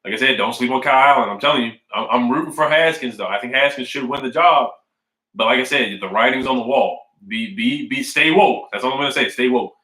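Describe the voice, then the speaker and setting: A man's voice: mid-range voice, a little fast, bright, forceful tone, reverberant, poor audio. A man casually chatting on a live stream, reading fan comments and repeating his points with emphasis. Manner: repetitive, emphatic, says "man" and "I really do" often. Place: at home indoors.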